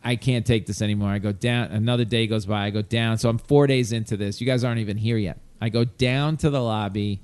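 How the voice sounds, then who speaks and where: A man from New York telling a long exasperated story in casual chat, animated and swearing. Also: fairly low pitch, fast, hardly any pauses, clean tone.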